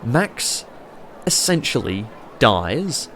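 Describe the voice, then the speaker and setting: A man rambling excitably and swearing freely as he chats casually over a city-building game. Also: medium pitch, very slow, a little hiss or hum. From Australia. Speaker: YouTuber playing a city-builder.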